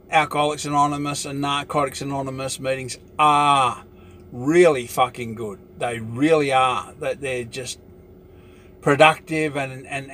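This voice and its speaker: A man's voice: on the high side, a bit bright, slight background noise. An older Australian man talking in a rambling, profane casual monologue, filling his talk with "you know".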